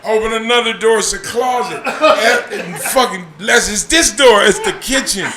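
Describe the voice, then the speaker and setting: Loud, animated man telling a wild story. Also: high-pitched, moderate pace, roomy sound, a crowd in the background. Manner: loud, laughing, acts out voices in the story. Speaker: podcast host.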